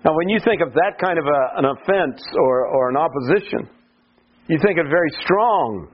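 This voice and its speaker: A man preaching a sermon slowly and deliberately, his voice climbing to pleading cries when he quotes the psalms. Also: fairly high pitch, animated, slightly rough, dull audio.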